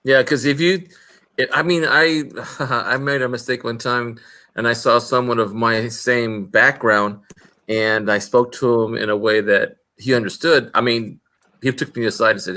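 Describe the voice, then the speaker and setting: A man from California in a casual chat, telling stories about his life in a slow, deliberate way. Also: medium pitch, fairly even intonation, pushed and bright.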